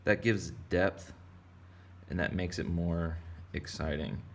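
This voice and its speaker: Low gravelly-voiced man teaching kids drawing. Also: slow, slight background noise. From Texas. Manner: rambling, playful. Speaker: art teacher. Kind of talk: casual kids' drawing lesson.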